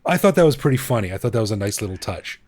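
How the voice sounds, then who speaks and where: A man co-hosting a casual podcast, telling stories in a relaxed, chatty way. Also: on the low side, racing, dry recording. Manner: relaxed, chatty storytelling with fillers. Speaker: podcast co-host.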